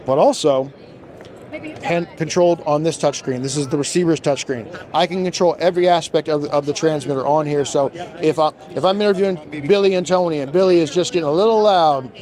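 Man, product demo, rapid delivery, somewhat high voice, hoarse from losing his voice. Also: a little mellow. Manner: enthusiastic, fast product pitch. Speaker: brand marketing manager. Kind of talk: product demo at a trade show. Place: trade show floor.

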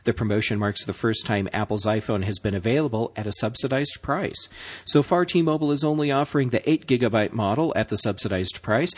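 A man's voice: mid-range voice, husky. A man co-hosting a news podcast, reading tech business items and giving brief, dry reactions to his co-host.

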